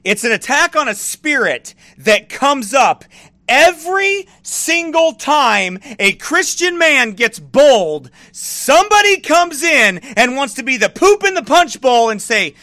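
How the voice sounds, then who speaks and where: A middle-aged man, a pastor, ranting in fiery preaching style with shouted bursts and mocking asides. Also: very high-pitched, sing-song, slow, dry recording. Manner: fired-up, shouting bursts, mocking soft baby talk.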